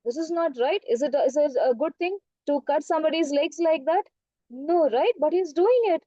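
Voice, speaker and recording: A woman's voice: sits high, normal speed, dark tone, no room sound, highs cut off, lightly acted. A woman voicing an angry, righteous king who fires indignant questions at a wrongdoer.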